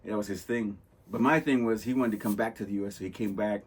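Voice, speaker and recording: With a lowish, breathy-edged voice and a quick pace, a male podcast host chats about movies. He rambles through the stories and plays out lines in a laid-back, casual style.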